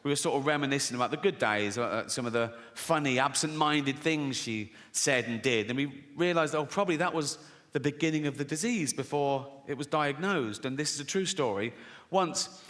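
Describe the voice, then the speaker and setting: A man's voice: medium pitch, normal speed, fairly bright tone. A man doing a stand-up comedy routine, brash and profane, ranting with mock outrage. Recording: live venue reverb with audience noise.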